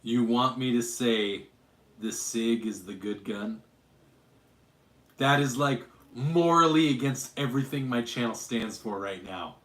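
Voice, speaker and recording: A man from Utah chats loosely with his viewers, his voice sitting at an everyday middle pitch. He rambles, stops to fix his own wording, and keeps the tone jokey and offhand throughout. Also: measured pace, a bit bright, reverberant. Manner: rambling, self-correcting, joking. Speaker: streamer host. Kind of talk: casual livestream chat and Q&A.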